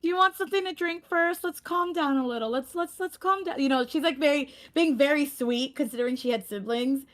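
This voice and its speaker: Soothing high-voiced woman player. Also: fairly quick, hardly any pauses. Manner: soothing, coaxing. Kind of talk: playing a tabletop game.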